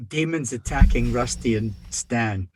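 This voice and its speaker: A man's voice: medium pitch, measured pace. Guy playing a tabletop game, mid voice, urgent and eager, noisy recording. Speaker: player.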